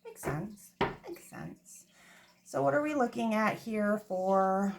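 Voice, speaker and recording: A woman's voice: medium pitch, a little slow, background noise. A woman giving a casual tarot reading, chatty and self-mocking, swearing freely, recorded on a phone. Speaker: tarot reader. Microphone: phone camera.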